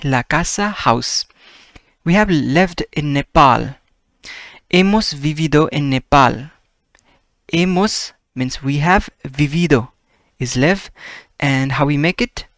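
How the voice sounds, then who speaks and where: Male tutor, pitched a little high, steady patient explainer, recorded dry and close. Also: slow pace, no echo. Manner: patient, repeats "okay?" and "right?" checks. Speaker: Spanish teacher. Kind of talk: explaining grammar lesson.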